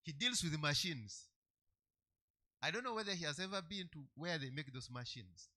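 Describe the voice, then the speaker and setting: A male preacher delivering a sermon with a bright, ringing voice. His pitch leaps and falls all over the place. He hammers on key phrases, repeating them, and swings from loud declarations to hushed lines. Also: lively intonation, moderate pace.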